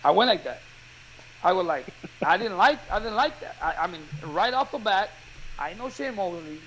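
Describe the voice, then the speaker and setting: A boxing coach telling a story in casual chat, acting out the quotes with energy. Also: male voice, sits high, normal speed, dull audio, slight background noise. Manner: animated storyteller, acts out quotes.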